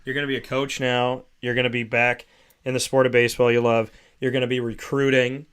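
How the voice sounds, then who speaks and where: Casting: relaxed radio host, smooth clear voice, joking tone. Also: male voice, medium pitch, fairly quick. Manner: joking, conversational. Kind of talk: casual radio chat.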